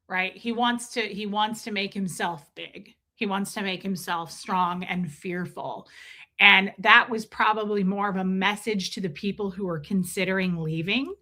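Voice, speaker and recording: Middle-aged woman host, casual live commentary, bright clear voice, emphatic and repetitive, greets chatters mid-sentence. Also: mid-range voice. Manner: emphatic, repeats herself, breaks off to greet viewers. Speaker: livestream host reading chat.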